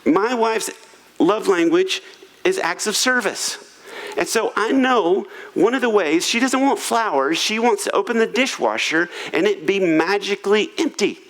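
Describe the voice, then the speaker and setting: A man's voice: high-pitched, animated, unhurried, a bit bright, poor audio. A man preaching a sermon in a humorous, conversational, self-deprecating way. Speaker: pastor. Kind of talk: sermon on marriage. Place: church auditorium.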